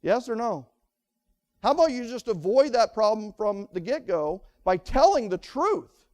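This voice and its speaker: A man giving an energetic live seminar talk, firing rhetorical questions at the audience in punchy, repeated phrases. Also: high voice. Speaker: motivational speaker at a real estate seminar.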